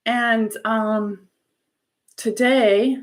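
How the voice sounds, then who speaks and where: On a casual spiritual live stream, a woman hosting the show tells a story in an earnest, effusive, relaxed way. Her voice is on the high side with fairly even intonation, and she speaks extremely slowly.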